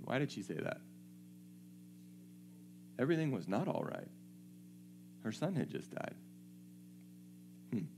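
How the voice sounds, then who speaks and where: A man's voice: medium pitch, sing-song, a little slow, pauses often, darkish tone, a little hiss or hum. A man preaching a sermon, reading scripture aloud and checking in with his listeners in a conversational way.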